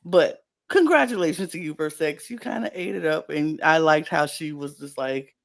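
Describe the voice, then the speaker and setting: Gravelly-voiced podcast host, lively and laughing. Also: mid-range voice, normal speed. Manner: animated, laughs often, acts out quotes. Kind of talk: casual chat.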